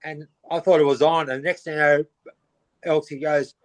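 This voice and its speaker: A middle-aged Australian man telling casual anecdotes as a podcast guest, animated and acting out the voices of the people in his stories. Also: fairly high pitch, moderate pace. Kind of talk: casual storytelling.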